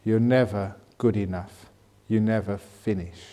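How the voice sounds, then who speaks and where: A man, a Buddhist monk, answering questions at a meditation retreat in a gently humorous way, slowing and softening his voice to show calm speech. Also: on the low side. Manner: gently humorous, laughs at his own jokes. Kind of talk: dharma Q&A talk at a retreat.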